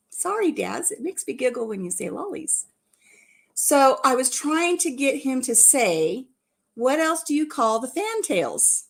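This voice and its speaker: A woman hosting a casual livestream chat, giggling often and repeating herself as she talks. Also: sits high. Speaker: livestream host.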